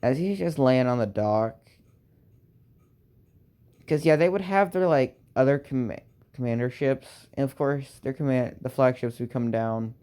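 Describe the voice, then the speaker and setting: A young man improvising a fan story aloud, halting and restarting with lots of fillers and sighs. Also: medium pitch, dark tone, clean tone.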